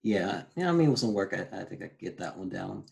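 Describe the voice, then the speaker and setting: A man's voice: low voice, very animated, fairly quick, vocal fry, a little mellow, low-quality recording. A man hosting an interview, hesitant and rambling, with many ums. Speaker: interview host.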